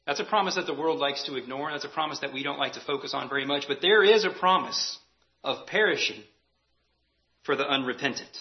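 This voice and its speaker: Guy preaching a sermon, earnest, leans on repeats, mid pitch, kinda dull lo-fi sound. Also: brisk. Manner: earnest, emphatic preaching that repeats key phrases. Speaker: pastor.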